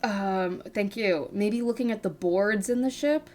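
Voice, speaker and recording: A woman at a tabletop game with an ordinary mid-pitched voice, unsure of herself and thinking aloud as she talks. Faint music sits underneath. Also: measured pace, darkish tone. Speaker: player. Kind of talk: tabletop game role-play.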